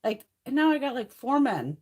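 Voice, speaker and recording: A woman's voice: high-pitched, big pitch swings, moderate pace, darkish tone, muffled recording. A woman hosting a casual livestream chat, swearing freely and laughing through her stories. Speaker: livestream host.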